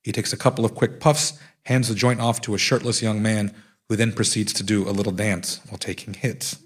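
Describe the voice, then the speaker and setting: Man, author, reading aloud, wry, husky. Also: fairly low pitch, fairly even intonation, a little fast. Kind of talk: reading his own nonfiction aloud.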